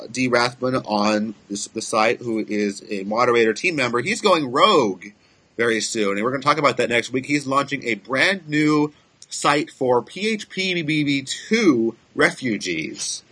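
A man co-hosting a casual tech podcast, chatty and quick to laugh, with loose restarts. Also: medium pitch, lively intonation, pushed and bright, slightly rough. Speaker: podcast co-host.

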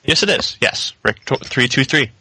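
Man, podcast co-host, bright husky voice, dry close sound, hesitant, jokey. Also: medium pitch, normal speed, no echo. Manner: hesitant, many fillers, jokey. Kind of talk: casual live podcast chat.

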